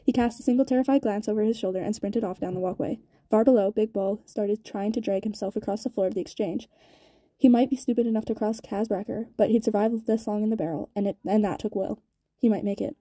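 Fast, dark-voiced woman reading a novel. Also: mid-range voice, no echo. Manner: even, steady narration. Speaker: audiobook reader. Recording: sped-up dry home recording.

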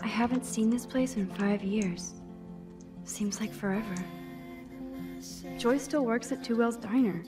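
A woman voicing a thoughtful teenage girl in a video game, talking in a dry, quietly sarcastic inner monologue. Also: fairly high pitch, a little slow, pauses often, over music, close to an everyday voice. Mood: wry.

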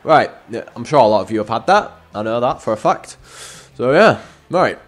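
A man giving casual, excitable commentary as he plays a football video game, calling out to his viewers as lads. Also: medium pitch, moderate pace. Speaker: gaming YouTuber.

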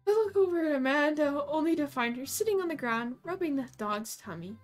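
Brief: high-pitched woman streamer, unhurried, giggly, faint game music behind. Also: expressive. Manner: giggly, self-mocking, lots of "like". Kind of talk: casual game commentary, reading game text.

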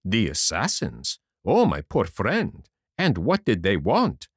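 Flattering con-artist fox in a storybook, a man doing him, slick and persuasive, pitch rising and falling. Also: takes it slowly, slightly rough, dry recording, clean studio sound, full character voice. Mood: sly. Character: sly smooth-talking fox, a flattering swindler.

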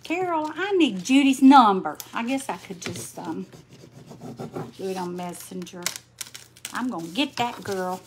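A woman's voice: mid-range voice, expressive, measured pace, slight background noise. An older woman chatting folksily on a livestream, greeting viewers by name and sounding tired. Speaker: livestream host. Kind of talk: casual livestream chat while crafting.

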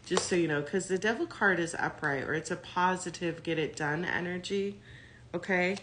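A woman's voice: on the low side, moderate pace, fairly bright tone, slight background noise. A woman doing a casual tarot reading to camera, blunt and profane, thinking aloud as she talks. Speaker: tarot reader.

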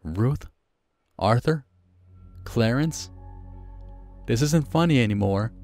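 A man voicing a frightened young girl calling out in the night, raising his voice higher and pleading for an audiobook horror story. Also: animated, slow pace, darkish tone, soft background music. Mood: scared. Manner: raised pitch, pleading and insistent. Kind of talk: audiobook character voice.

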